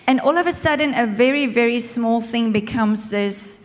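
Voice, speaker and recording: High-voiced woman laughing through a story. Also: normal speed. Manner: expressive, laughs often. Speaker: speaker sharing a marriage story. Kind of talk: humorous storytelling to an audience. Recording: echoey hall.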